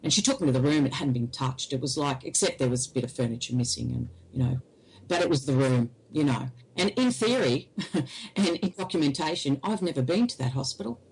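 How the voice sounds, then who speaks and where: A woman, an interview guest, recounting a personal experience in halting, hesitant speech. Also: extremely low pitch, expressive, darkish tone, slightly rough, poor audio.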